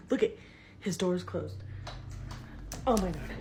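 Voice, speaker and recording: A middle-aged woman filming in her house on a phone, talking fast and frightened, often dropping to a whisper. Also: fairly low pitch, background noise. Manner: panicky, breathless, often whispering. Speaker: homeowner filming at home. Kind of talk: frightened phone video narration. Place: inside a house. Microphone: phone camera.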